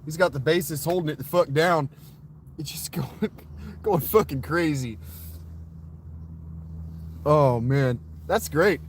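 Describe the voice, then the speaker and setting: A man's voice: on the high side, takes it slowly, long pauses, slight background noise. A man chatting casually and swearing a lot as he reacts to music, often breaking into laughter. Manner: profane, laughing, animated.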